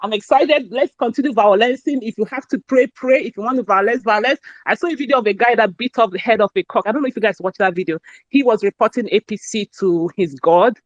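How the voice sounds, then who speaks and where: A woman, talking in an excited, effusive and rambling way during a casual live chat. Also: a little high, fast talker, no echo, highs cut off. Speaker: speaker in a live audio space.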